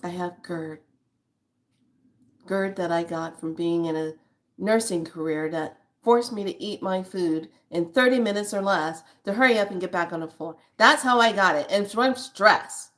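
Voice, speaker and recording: A woman's voice: lowish voice, moderate pace, a bit bright. A woman in her fifties, chatting candidly to her viewers and telling a story with frequent laughter. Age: 50s. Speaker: spiritual vlogger. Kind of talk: casual chat to viewers.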